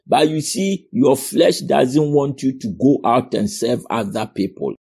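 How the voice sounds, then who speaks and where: A man's voice: mid-range voice, vocal fry, mellow, husky. A middle-aged man preaching a sermon, earnest and repetitive, calling his listeners "my friend". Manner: earnest, repeats phrases, addresses listeners as "my friend".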